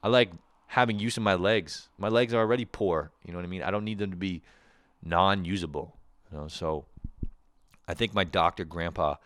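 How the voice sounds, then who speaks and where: Casting: Canadian man, very low voice, dry close sound, animated comedic rant with cursing. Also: a little fast, no echo. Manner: animated, swearing, laughing often. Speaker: podcast host. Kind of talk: casual comedic monologue.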